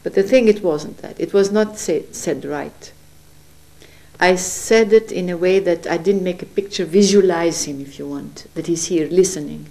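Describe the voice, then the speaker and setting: A woman giving an earnest, gentle spiritual testimony at her home, sometimes searching for words as she speaks. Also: fairly low pitch, moderate pace. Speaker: religious speaker. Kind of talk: personal spiritual testimony to camera.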